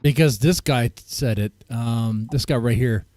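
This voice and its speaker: A man's voice: medium pitch, measured pace, darkish tone, no room sound, studio quality. A man co-hosting a stream, chatting casually in a laid-back, joking way. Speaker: stream co-host. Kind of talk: casual chat.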